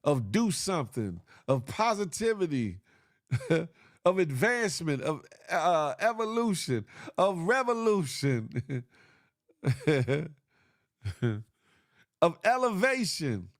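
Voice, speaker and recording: A man's voice: fairly high pitch, big pitch swings, slow pace, long pauses, no room sound, clean studio sound. Preachy man ranting on a morning show. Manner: preachy, repetitive, motivational ranting with slang and laughs. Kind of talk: casual livestream monologue.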